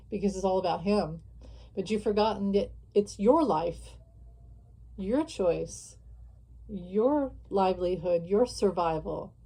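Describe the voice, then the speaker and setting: Channel host, woman, middle pitch, warm mellow timbre; fervent direct-to-camera political monologue. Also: breathy edge, poor audio. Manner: impassioned, repetitive, addresses viewers directly. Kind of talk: opinionated political vlog monologue.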